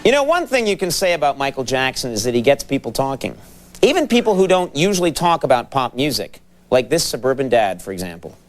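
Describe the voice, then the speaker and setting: Fields: lively male late-night host. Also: mid-range voice, fairly quick. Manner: playful, mock-earnest, laughing asides. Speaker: talk show host. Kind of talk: late-night comedy monologue and sketch. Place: TV studio with live audience. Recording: studio with audience noise.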